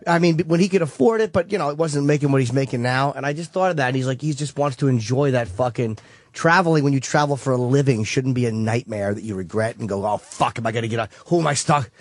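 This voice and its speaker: Fast-talking profane man. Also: mid-range voice, dry recording. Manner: profane, brash and rapid. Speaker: comedian guest. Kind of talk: casual talk radio banter.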